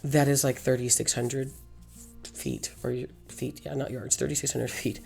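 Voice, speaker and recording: A woman with a hoarse, gravelly voice from losing it, chatting through a crafting tutorial as host, rambling and correcting herself. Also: extremely low pitch, fairly even intonation, normal speed, dark tone, faint music behind. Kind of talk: casual crafting tutorial voice-over.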